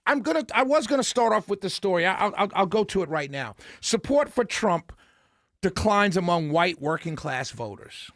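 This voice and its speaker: A man's voice: high voice, sing-song, moderate pace, fairly bright tone, no room sound, studio quality. A man hosting a political commentary, ranting off the cuff with incredulous, exasperated outbursts, stammering repetitions and scoffing laughs.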